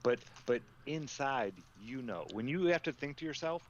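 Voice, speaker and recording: A man on a casual panel chat, explaining ideas in a calm, matter-of-fact way. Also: medium pitch, moderate pace, muffled recording, a little hiss or hum. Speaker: panel guest.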